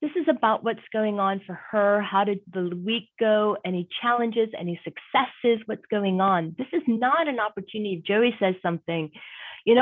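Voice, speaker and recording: A woman career coach leads an online workshop in a relaxed, conversational way. She leans hard on her main points and repeats them for weight. Her voice comes through a narrow, tinny line, like a phone or a video call. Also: mid-range voice, a little fast.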